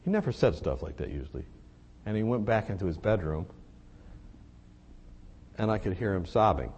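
A man preaching a sermon, telling a personal story in a confessional way that moves between hushed and emphatic. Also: on the low side, expressive, normal speed, a little hiss or hum.

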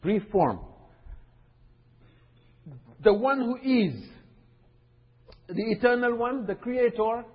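A man's voice: very high-pitched, slow, long pauses, breathy edge. A man preaching a sermon in a teaching way, repeating his points and often checking in with the listeners. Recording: dull, echoey hall recording.

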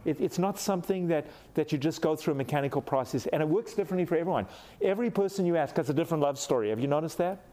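A man's voice: fairly high pitch, animated, racing, mellow. A middle-aged man from Africa giving a sermon, telling a personal story with animation and acting out the quoted lines. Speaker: pastor.

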